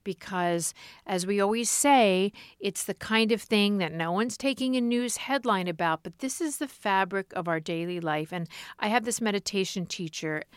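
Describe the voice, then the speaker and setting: A woman co-hosting a comedy podcast, talking in a playful, halting way with many restarts. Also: medium pitch, clear, resonant tone, dry recording, studio quality. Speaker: podcast co-host. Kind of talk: casual comedic chat.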